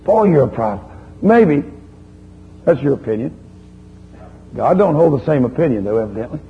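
A man preaching a sermon, telling a story in a lively, folksy way and chiding his listeners. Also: mid-range voice, normal speed, creaky. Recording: dull lo-fi recording with faint hum.

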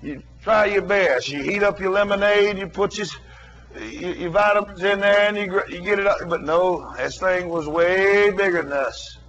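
A man's voice: sits high, normal speed, a bit bright, muffled recording. A middle-aged man preaching a sermon, telling a story in an emphatic, emotional way.

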